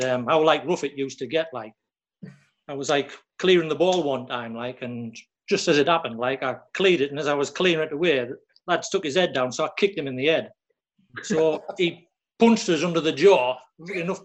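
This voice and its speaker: A rambling man with a slightly high voice. He talks in a loose, casual way, with filler words at every turn. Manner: rambling, lots of "like" and "you know". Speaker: former footballer guest. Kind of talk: casual anecdote telling.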